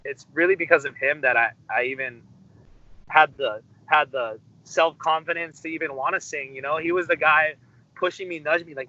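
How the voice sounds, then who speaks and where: Bright-voiced young man, casual. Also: fairly high pitch, normal speed. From Hawaii. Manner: relaxed, rambling, many fillers and restarts. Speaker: musician guest. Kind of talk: casual interview storytelling. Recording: dull lo-fi interview audio.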